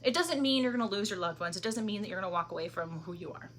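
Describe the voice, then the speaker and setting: A woman's voice: mid-range voice, expressive, fast, slight background noise. A woman giving a weekly spiritual energy reading, speaking with feeling and often dropping into a near whisper. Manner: emotional, breathy asides, laughs and near tears; soft, drops to near-whispers. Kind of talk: spiritual card reading monologue.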